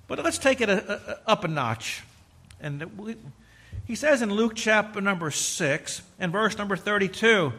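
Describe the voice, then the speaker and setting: A man's voice: sits high, very animated, normal speed, sharp tone. A man preaching a sermon as pastor, talking to the congregation in a conversational way with asides. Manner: conversational preaching with asides and quoted inner voices.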